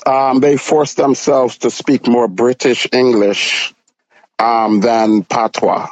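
A man's voice: medium pitch, steady tone, slow pace, dry recording, dull audio. A man with a Jamaican accent, a guest in a casual chat, talking in a sassy, emphatic way.

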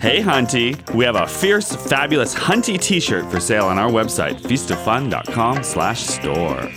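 A man's voice: mid-range voice, very animated, normal speed, over music. A man co-hosting a podcast, reading gossip headlines and promos with an arch, gossipy delivery. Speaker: podcast co-host. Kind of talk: show promo and casual chat.

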